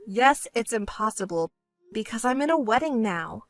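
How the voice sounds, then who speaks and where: A woman voicing a level-headed young woman who speaks in a cool, dry and curt way in an animated story. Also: fairly high pitch, normal speed, no echo, faint music behind. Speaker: narrating protagonist.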